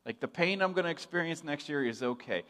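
Young preacher telling a story in a hall. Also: male voice, on the high side, fast talker. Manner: storytelling, animated, self-deprecating. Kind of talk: sermon with personal story. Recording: reverberant hall.

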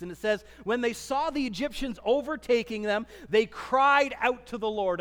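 A man preaching a sermon, acting out the people he quotes and swinging from loud to soft. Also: high voice. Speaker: pastor. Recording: long reverb of a large hall.

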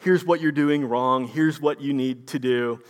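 A man's voice: mid-range voice, unhurried, smooth, big-room sound, natural voice. A man voicing a blunt accuser who lectures another man about his wrongs. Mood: scolding.

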